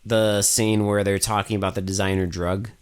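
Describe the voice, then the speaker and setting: A man's voice: fairly low pitch, level tone, moderate pace, clean tone. A man co-hosting a podcast, joking sarcastically and swearing as he talks about a movie. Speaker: podcast co-host. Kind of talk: casual movie review chat.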